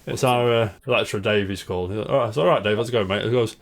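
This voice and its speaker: A man's voice: on the low side, rapid-fire. A man, hosting a podcast in a matey, casual storytelling way. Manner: matey, storytelling, says "mate" often. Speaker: podcast host. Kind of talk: casual chat.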